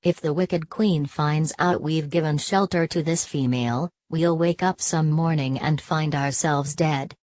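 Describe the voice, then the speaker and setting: Woman doing a grouchy old dwarf man, suspicious, gruff, storybook, low. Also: steady tone, a little slow, few pauses, a little mellow, dry recording. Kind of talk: storybook character voice.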